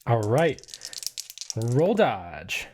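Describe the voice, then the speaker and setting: A man's voice: mid-range voice, big pitch swings, very slow, a little mellow, slight background noise. A man narrating as game master of a tabletop game, laid-back, with lots of fillers and swearing.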